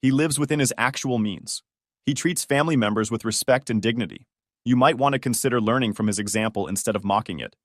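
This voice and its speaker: A man's voice: medium pitch, dry recording, studio quality, close to an everyday voice. Man reading as a stern older grandfather. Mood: cutting. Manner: measured, cutting, formal.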